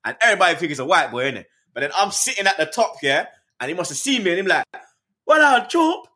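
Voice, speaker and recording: A man's voice: on the high side, very fast. A young man, chatting about football with slang and jokes. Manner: animated, slangy, jokes and does voices. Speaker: football podcast co-host. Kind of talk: casual chat.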